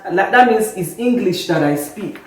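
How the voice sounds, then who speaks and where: A woman in her thirties, a guest telling stories in casual interview chat, animated and laughing often. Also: medium pitch, moderate pace, slight background noise. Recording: very echoey room, distant mic.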